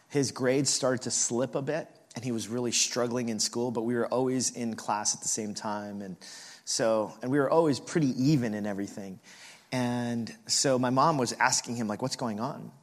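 A male preacher of middle pitch, speaking in a large hall with a long reverb tail. He delivers a sermon, animatedly telling a family story and acting out each relative's voice. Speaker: pastor.

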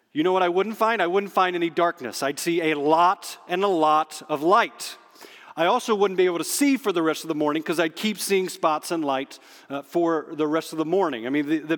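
Male pastor, emphatic sermon delivery, slightly higher voice, long hall echo. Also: a bit bright. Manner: emphatic, slows down on key phrases. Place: church sanctuary under stage spotlights.

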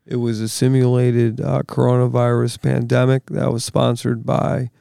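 A man ranting angrily as a podcast guest, swearing freely and climbing higher in pitch as he gets worked up. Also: monotone, normal speed, gravelly, mellow, dry recording, studio quality. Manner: angry, profane ranting that builds in pitch. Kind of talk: heated podcast conversation. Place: studio.

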